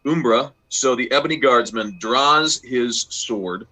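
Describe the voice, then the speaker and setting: A man's voice: mid-range voice, slow pace, sharp tone. A man running a tabletop game as game master, narrating and explaining in a loose, chatty way with many fillers and restarts.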